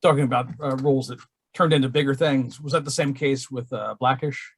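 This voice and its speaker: A mid-pitched man with a husky edge hosts a conversational interview. He keeps his questions loose and his responses short. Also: fairly even intonation, a little fast. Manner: brief affirmations and laughter. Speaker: interviewer host.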